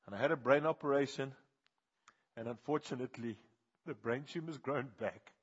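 A man preaching a sermon, firing questions at the congregation and swinging between hushed and loud passages. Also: medium pitch, husky, dull audio.

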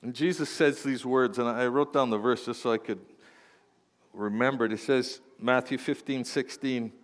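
A man preaching a sermon as pastor, playful and animated, swinging from quiet asides to loud exclamations. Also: medium pitch, normal speed. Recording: long hall reverb.

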